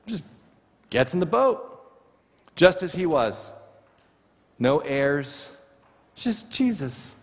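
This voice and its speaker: A man preaching a sermon to his congregation, expressive and acting out the words he quotes. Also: fairly high pitch, slow pace, pauses often, in a large hall. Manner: expressive, voices Jesus' words with rising emphasis. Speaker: pastor. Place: church sanctuary.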